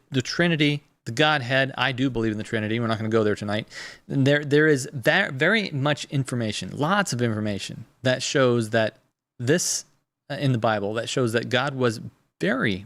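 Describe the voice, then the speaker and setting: A man hosting a live stream, talking fast and rambling with many restarts as he comments on a clip. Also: medium pitch, a bit bright, no echo. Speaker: host.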